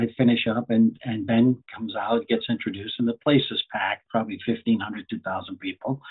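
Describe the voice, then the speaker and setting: Middle-aged male comedian, anecdotal storyteller, husky tone, narrow lo-fi audio. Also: mid-range voice. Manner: chatty anecdotal storyteller, repeats phrases. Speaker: guest comedian. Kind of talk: casual storytelling.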